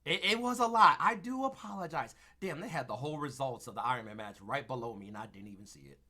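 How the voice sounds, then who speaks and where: A man co-hosting a podcast, recapping in casual chat and swinging between loud excited bursts and low mumbles, winded from talking. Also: fast talker. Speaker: podcast co-host.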